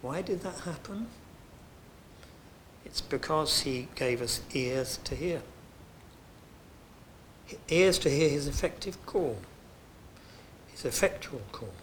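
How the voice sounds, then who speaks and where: A man preaching a sermon in an earnest way, dropping to soft, hushed phrases and then rising to loud, emphatic lines. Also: fairly high pitch, slight background noise.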